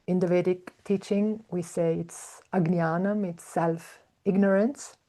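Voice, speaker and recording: Mellow, slow-spoken woman teaching. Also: lowish voice, fairly even intonation. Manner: slow, searching, with soft fillers and hums. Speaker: spiritual teacher, podcast host. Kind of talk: reflective spiritual talk.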